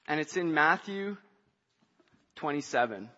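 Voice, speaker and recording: A man preaching a sermon who moves from hushed scripture reading to shouted emphasis. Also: a little high, expressive, a little slow. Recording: dull sound, long hall reverb, faint music.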